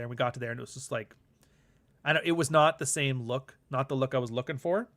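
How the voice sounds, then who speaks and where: A man in a casual vlog monologue, speaking at a mid-range pitch. He rambles candidly and swears freely as he talks. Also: brisk, a bit bright. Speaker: podcast host and author.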